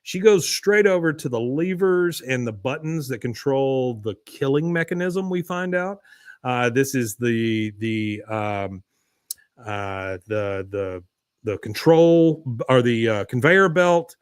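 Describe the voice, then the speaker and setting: A man's voice: medium pitch, slow pace, clear, resonant tone, dry recording, studio quality. A man hosting a podcast, recapping a cartoon episode in a wry, chatty way. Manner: wry, chatty storytelling with fillers. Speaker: podcast host.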